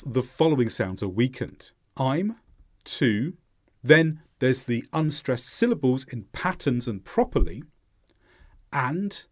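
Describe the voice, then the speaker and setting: A man teaching English pronunciation, explaining clearly and modelling sounds aloud. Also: fairly high pitch, no echo, clean studio sound. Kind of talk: instructional lesson narration.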